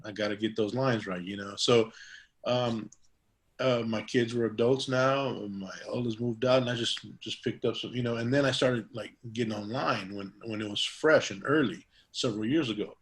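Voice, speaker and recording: A middle-aged man telling stories in a laid-back interview. He rambles through fillers and restarts, and he jumps up in pitch whenever he acts out what others said. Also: normal speed. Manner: acts out quoted dialogue in a raised voice. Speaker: guest barber. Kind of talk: casual interview storytelling.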